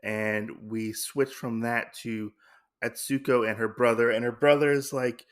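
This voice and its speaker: A man's voice: mid-range voice, fairly even intonation, unhurried, a bit bright. A man hosting a podcast, casually recapping a comic story in a rambling way with fillers and self-corrections. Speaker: podcast host.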